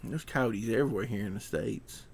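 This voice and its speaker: A man chatting casually and relaxed, teasing and joking. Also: lowish voice, moderate pace, gravelly. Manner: relaxed, teasing, jokes and speaks to his dog. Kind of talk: casual chat. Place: Texas, USA.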